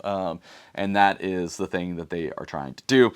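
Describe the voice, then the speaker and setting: A pastor with a somewhat low-pitched male voice talks through a devotional reflection. He is relaxed and conversational, dropping in fillers and slang as he goes. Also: normal speed, smooth. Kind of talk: scripture reading and informal devotional reflection.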